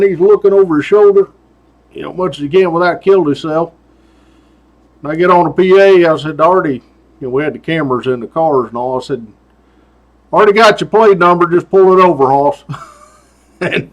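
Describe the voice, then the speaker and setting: An older man, casually telling road stories as a retired trooper, folksy and chuckling as he goes. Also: fairly high pitch. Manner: folksy drawl with laughs and "doggone". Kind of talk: casual storytelling. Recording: dull lo-fi sound.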